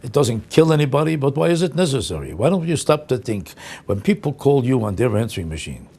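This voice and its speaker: An older man in a comic monologue, sounding indignant and incredulous as he piles up exasperated insults. His voice sits at an ordinary male pitch, and he speaks as if to a camera at home. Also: big pitch swings, brisk, gravelly, dark tone, breathy edge. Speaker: comedian. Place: home vlog.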